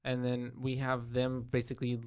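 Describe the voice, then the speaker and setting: A man co-hosting a casual podcast chat, retelling scenes with quick acted-out quotes. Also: mid-range voice, monotone, darkish tone, clean tone. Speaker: podcast co-host.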